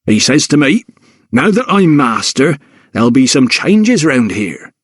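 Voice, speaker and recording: A man's voice: mid-range voice, big pitch swings, unhurried, no echo, clean studio sound, voice pushed up. A man doing a smug, muttering coal-carrying servant. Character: broad-shouldered male servant, sooty, smug.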